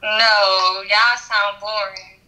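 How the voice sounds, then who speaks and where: A woman's voice: medium pitch, little pitch movement, very slow, sharp tone, rough recording. A woman chatting with a stranger on a video chat app, blunt and sassy.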